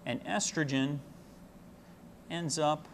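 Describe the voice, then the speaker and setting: A young man, a medical student, giving a casual explanatory lecture full of homely analogies and frequent pauses with "uh". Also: fairly high pitch, fairly even intonation, gravelly, slight background noise.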